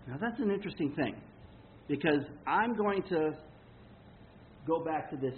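A man's voice: fairly high pitch, lively intonation, normal speed, long pauses. Man preaching over a tinny lo-fi line. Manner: conversational, checks in with rhetorical "okay?"; emphatic, reads quotes aloud with dramatic stress. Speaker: preacher teaching on prophecy. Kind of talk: sermon-style Bible teaching. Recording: tinny phone-like lo-fi sound.

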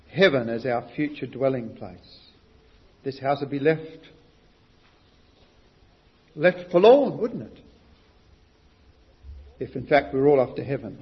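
A man preaching a sermon, building to loud emphatic stresses and asking his listeners questions. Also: medium pitch. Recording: muffled recording with long hall reverb.

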